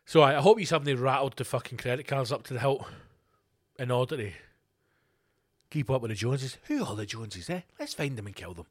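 A middle-aged Scottish man hosting a podcast, ranting alone in a sweary, animated, storytelling way. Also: mid-range voice, brisk. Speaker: podcast host. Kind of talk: casual solo rant.

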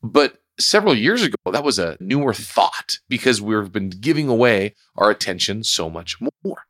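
A man's voice: lowish voice, very animated, normal speed, fairly bright tone, no room sound, clean studio sound. A man hosting his own podcast, telling a personal story in a reflective, conversational way. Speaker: podcast host. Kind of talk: solo podcast monologue.

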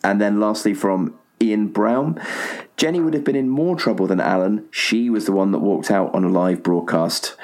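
A man's voice: on the low side, normal speed, a little mellow. A male podcast host reading out listener messages in a wry, self-mocking way.

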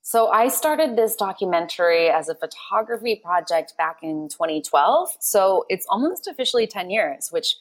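A woman guest, an agency producer and filmmaker, talking in a lively way and laughing often on a podcast. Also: mid-range voice, moderate pace, few pauses. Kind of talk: casual podcast chat.

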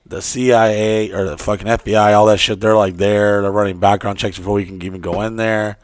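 A man co-hosting a casual chat, telling profane stories with lively voiced impressions. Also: fairly low pitch, a little fast, no echo, studio quality. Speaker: podcast co-host.

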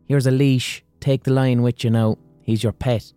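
A man's voice: mid-range voice, normal speed, smooth, dry recording, faint music behind, close to an everyday voice. A man voicing a crowd of astonished male Roman onlookers. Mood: amazed. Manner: excited, exclaiming.

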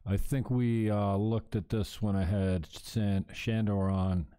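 A man's voice: lowish voice, fairly even intonation, takes it slowly, warm tone, clear, resonant tone. A man hosting a talk show, speaking bluntly and emphatically, with frequent profanity. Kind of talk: heated opinion talk.

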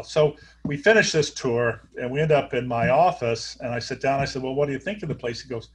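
A middle-aged man, a surgeon, telling stories in an interview, halting often with fillers and restarts. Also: medium pitch. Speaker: guest, neurosurgeon. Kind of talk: storytelling interview talk.

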